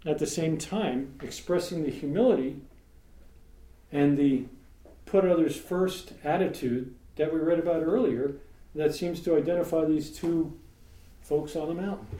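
A man with a fairly high, dark-toned voice gives an unhurried, informal sermon to his congregation as their teacher, chatting with joking asides and plenty of fillers. He's in a meeting room, picked up by a room mic for a live stream, and the space sounds echoey with a faint hum behind him.

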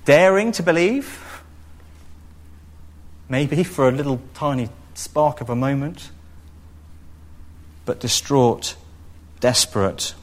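Male preacher, expressive sermon delivery, middle-range voice. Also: mid-range voice, slow pace, long pauses. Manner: expressive, acts out quoted voices.

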